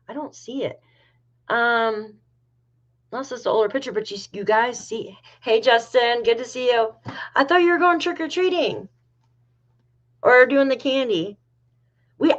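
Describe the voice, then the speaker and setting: A woman's voice: fairly high pitch, a bit bright, highs cut off. A middle-aged woman from New York hosting a casual livestream, chatting with viewers and reading their comments aloud. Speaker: livestream host.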